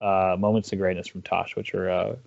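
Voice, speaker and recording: A man's voice: low-pitched, level tone, vocal fry, a little mellow, dry recording, highs cut off. A man chatting casually as an interview guest, rambling and restarting his sentences. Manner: rambling, halting, with many restarts. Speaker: interview guest, esports caster. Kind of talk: casual chat.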